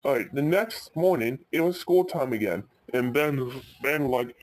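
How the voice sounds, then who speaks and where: A man's voice: mid-range voice, expressive, unhurried, hardly any pauses, no echo. Male storyteller, casual and rambling, dry close sound. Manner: rambling, frequent restarts. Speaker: YouTube storyteller.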